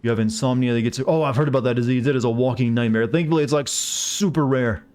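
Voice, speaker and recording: A man's voice: medium pitch, very fast, darkish tone. A man with a Southern US accent chatting casually while he streams a game, rambling as he answers his chat. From Southern United States.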